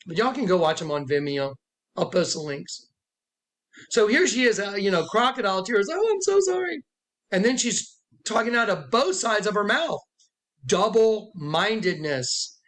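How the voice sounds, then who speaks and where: A man's voice: sits high, expressive, moderate pace, fairly bright tone. A man, a self-described prophet, telling an emotional story to followers sitting with him indoors, acting out the voices he quotes. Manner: emphatic, acts out quoted voices. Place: indoors with listeners present.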